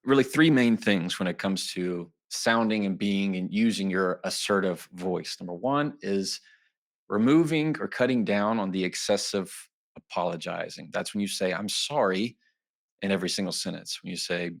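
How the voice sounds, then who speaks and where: Low-voiced man, animated storyteller. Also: normal speed, vocal fry. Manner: animated, acts out quoted speech in lively voices. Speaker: trial attorney and author, guest. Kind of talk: conversational podcast interview.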